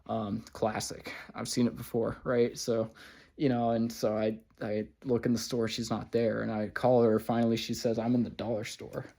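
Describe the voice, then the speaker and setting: A man's voice: on the low side, level tone, normal speed, vocal fry, warm tone. A man telling a personal story in a casual, rambling monologue, swearing often and filling gaps with "like" and "you know". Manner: rambling, profane, heavy on fillers. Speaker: vlogger.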